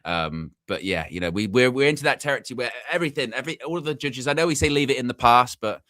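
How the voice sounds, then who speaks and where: A man co-hosting a fan show in casual football chat, animated and joking. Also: fast talker, no echo. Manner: animated, mimics friends in high voice.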